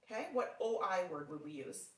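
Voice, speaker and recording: Woman, phonics tutor, encouraging and deliberate; reverberant, distant recording. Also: on the low side, lively intonation. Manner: patient, encouraging, with frequent praise; slow, deliberate sounding out of words. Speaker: phonics teacher. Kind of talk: one-on-one phonics lesson. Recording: roomy sound from off mic.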